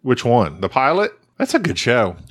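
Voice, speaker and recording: A man co-hosting a podcast in casual chat, quick with wisecracks and jokes. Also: medium pitch. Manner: animated, wisecracking. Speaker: podcast co-host.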